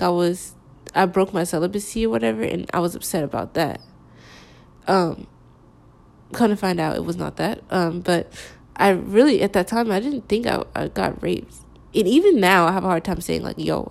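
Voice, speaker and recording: Young woman, candid storytime talk with creaky fry. Halting delivery, lots of fillers. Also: lowish voice. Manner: halting, hesitant, full of "like" fillers.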